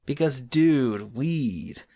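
A man narrating a scripted review video in a snarky, deadpan way. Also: mid-range voice, very slow, a crowd in the background, noisy background. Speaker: video commentator.

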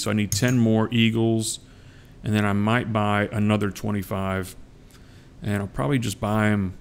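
A man's voice: lowish voice, a little hiss or hum. A middle-aged man with a Southern US accent, chatting casually and joking with his viewers as a coin collecting vlogger. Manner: joking, drawn-out, addresses viewers as guys. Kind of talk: casual rambling chat.

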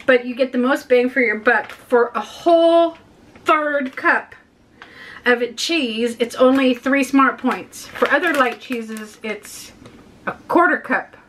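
A woman's voice: high-pitched, lively intonation, slow pace, a bit bright. A woman vlogger chatting casually to camera at home, self-deprecating and laughing often.

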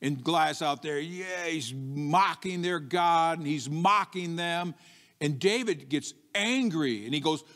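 A man's voice: expressive, moderate pace, a bit bright. A man preaching a sermon as pastor, telling a story in a conversational way, with many restarts, and acting out defiant quotes by raising his voice. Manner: storytelling, acts out bold defiant quotes with rising pitch; frequent restarts and "you know" asides, conversational. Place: church sanctuary. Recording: long reverb of a church hall.

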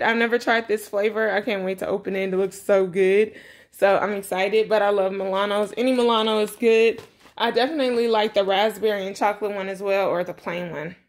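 A young woman talking casually to her viewers from her home kitchen, chatty and blunt, calling them y'all. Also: fairly high pitch. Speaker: vlogger. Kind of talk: casual grocery haul vlog. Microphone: camera mic.

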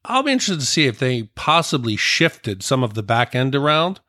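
A man co-hosting a podcast, chatting in a relaxed, rambling way. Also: mid-range voice, fairly quick, no echo, clean studio sound. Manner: relaxed, rambling talk with fillers. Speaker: podcast co-host. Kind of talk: casual podcast discussion.

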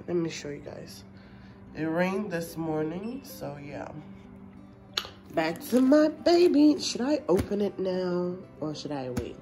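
A woman chatting excitedly in a casual vlog at home, gushing over an unboxing, a little stuffy from a cold; English is not her first language. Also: on the low side. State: slightly congested from a cold. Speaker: vlogger.

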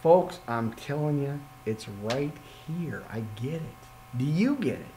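A man leads a loose, homespun Bible study sermon, reading scripture and wandering off into playful asides. His pitch swings widely and he takes his time between phrases. A faint hum sits under the recording. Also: lively intonation, slow, mellow, low-quality recording. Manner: rambling, playful, reads scripture aloud with asides. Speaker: preacher.

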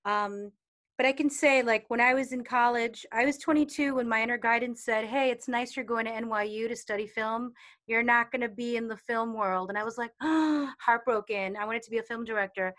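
High-voiced woman leading a calm group call. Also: brisk. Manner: chatty, with many fillers and acted-out quotes. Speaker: meditation and intuition teacher. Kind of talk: casual talk in a live online session.

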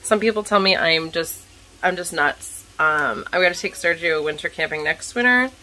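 A woman with a scratchy, hoarse voice chatting casually in a vlog, telling a story in an animated way while cooking at home. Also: on the low side, moderate pace. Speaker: vlogger, stay-at-home mom.

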